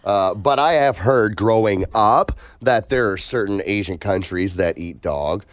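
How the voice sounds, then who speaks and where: A man's voice: on the low side, unhurried, no room sound. A man on a podcast, chatting casually in a laid-back way with short agreeing replies. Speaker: podcast co-host. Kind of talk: casual chat.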